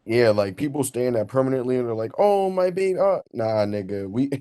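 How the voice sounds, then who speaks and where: A man, a podcast host telling a long story in casual, slangy, animated chat. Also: mid-range voice, fairly quick. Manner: animated, slangy, laughs through his story.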